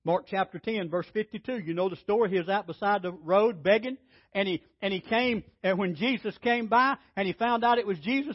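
A man's voice: a little fast, dry recording. A man preaching a sermon as pastor, emphatic, acting out the lines of scripture figures with a rising voice. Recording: dry, dull low-fidelity sound.

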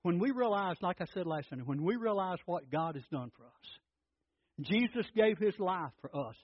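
A man's voice: sits high, lively intonation, moderate pace, dry recording, highs cut off. A man preaching a sermon as pastor, telling folksy stories and often repeating his words.

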